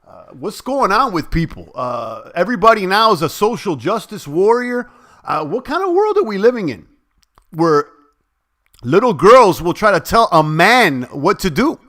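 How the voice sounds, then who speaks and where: A man's voice: high voice, very animated, normal speed, fairly bright tone. A young man hosting a crypto livestream, chatting in a rambling, conversational way straight to his viewers. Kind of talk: casual livestream chat.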